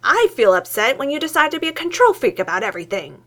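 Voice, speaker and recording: A woman voicing an excitable young male scientist who gets loud and shrill. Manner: rapid, excitable, voice shooting up.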